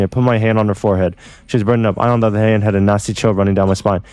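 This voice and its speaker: Man reading fast in a low voice. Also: little pitch movement, darkish tone, clear, resonant tone, no echo. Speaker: visual novel reader. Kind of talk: reading a game story aloud.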